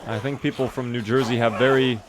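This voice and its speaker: A man's voice: mid-range voice, steady tone, brisk, background noise. A tired young man streaming a survival game, chatting casually and thanking viewers by name. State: tired, yawning. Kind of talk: casual live-stream commentary.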